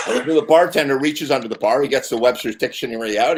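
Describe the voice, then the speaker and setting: A man's voice: mid-range voice, brisk, a little mellow, low-quality recording. A man hosting his own show, telling a long joke among friends with many fillers. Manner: rambling storyteller, filler-heavy. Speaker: show host.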